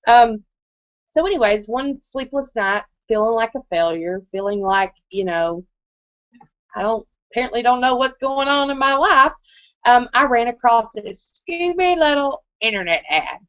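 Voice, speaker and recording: A woman's voice: a little high, animated, moderate pace, no echo. A woman in her thirties giving a live presentation, telling her story in a chatty way and often checking in with the audience. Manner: conversational, keeps checking in with the audience. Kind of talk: live motivational testimony. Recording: dull, muffled, dry recording.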